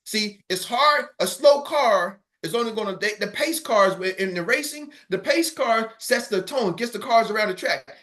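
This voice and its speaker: High, bright-voiced energetic male coach. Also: normal speed, hardly any pauses. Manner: energetic, repetitive, keeps asking the audience if they follow. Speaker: business coach. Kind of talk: motivational talk on an online call.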